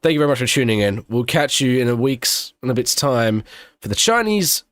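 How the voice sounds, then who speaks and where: A man hosting a live race watch-along, reacting with loose, slangy excitement and wrapping up the coverage. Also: medium pitch, moderate pace, no room sound, studio quality. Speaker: host.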